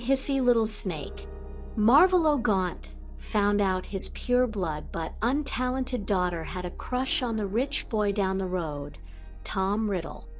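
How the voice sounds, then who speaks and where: A woman reading fan fiction aloud as an audiobook narrator, in steady storytelling delivery. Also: mid-range voice.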